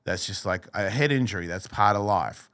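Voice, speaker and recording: A man's voice: on the low side, normal speed, dry recording. A middle-aged man, a podcast guest, telling a personal story candidly, swearing freely and acting out the voices in it. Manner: profane, animated storyteller who acts out voices.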